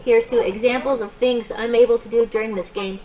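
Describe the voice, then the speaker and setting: A bright, playful companion robot for kids, voiced by a woman, cheering a child on through games and calm affirmations. The voice sits a bit high and stays upbeat and encouraging. A clear hum of noise runs underneath. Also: brisk, close to an everyday voice, low-quality recording. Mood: friendly. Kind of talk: game and guided affirmations for a child.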